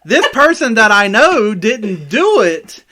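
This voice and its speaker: A man's voice: high-pitched, sing-song, slow, heavy background noise. A man co-hosting a podcast, telling rambling stories in casual chat, stumbling over his words and swearing often. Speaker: podcast co-host.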